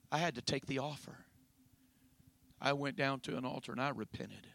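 A man preaching a Pentecostal sermon, punctuating his lines with "uh, amen" and building to shouts. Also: mid-range voice, a little fast, vocal fry. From raised in a Pentecostal home.

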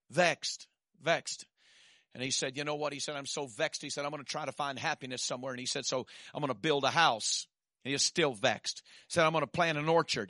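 A man preaching a sermon, swinging from shouted peaks to quiet asides and dropping in "amen.". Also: a little high, no room sound, studio quality.

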